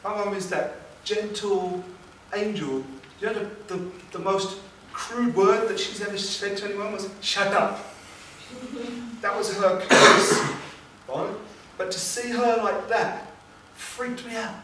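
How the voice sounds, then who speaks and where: A man's voice: high-pitched, bright, forceful tone. Man telling his story to a room. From England. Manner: emotional, dramatic pauses, rhetorical questions to audience. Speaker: motivational speaker. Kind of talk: storytelling seminar talk. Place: seminar room with audience. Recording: echoey room, distant mic, background noise.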